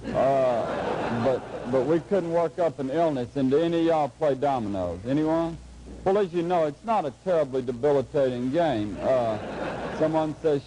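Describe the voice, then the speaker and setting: A middle-aged man gives a lecture to a class, telling a humorous story in a dry, unhurried, folksy way. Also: medium pitch, expressive, dark tone, slight background noise, poor audio. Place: lecture hall before a live audience.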